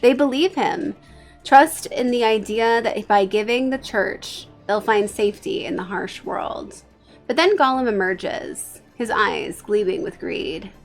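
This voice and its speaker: Slow, gravelly woman narrating a game. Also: mid-range voice, soft background music. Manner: reads story text aloud between chatty asides. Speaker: streamer narrating a life-sim game. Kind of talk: casual let's-play narration.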